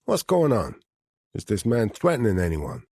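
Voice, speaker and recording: A man voicing a brisk woman police officer asking questions. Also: fairly low pitch, huge pitch swings, gravelly, mellow, slightly rough, no echo, clean studio sound, heavily acted.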